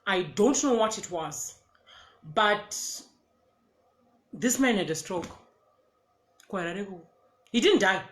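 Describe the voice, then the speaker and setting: A young adult woman with a Zimbabwean accent tells a personal story in casual storytime style. She is animated, laughs often and repeats words. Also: medium pitch, slow pace, long pauses.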